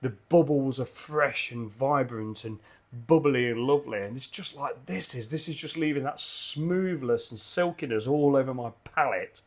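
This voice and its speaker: A man's voice: mid-range voice, moderate pace. An enthusiastic man, rambling casually through a beer review at his home bar, often repeating his words.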